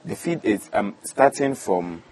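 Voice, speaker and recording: A young man from Ghana in his twenties, a student catfish farmer giving plain, halting answers with fillers in an interview. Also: fairly low pitch, expressive, darkish tone, slightly rough. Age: 20s.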